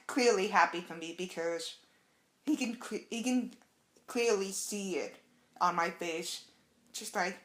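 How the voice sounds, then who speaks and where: A young adult woman telling a casual, excited story as a vlogger, acting out the quotes. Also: fairly low pitch, reverberant. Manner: chatty, excited, acts out quotes.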